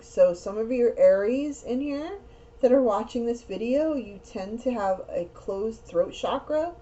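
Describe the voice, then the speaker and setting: Earnest woman giving a mellow, rambling card reading. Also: mid-range voice. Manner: earnest, rambling, repeats words. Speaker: tarot reader. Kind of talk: casual spiritual card reading. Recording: dull lo-fi sound with faint noise.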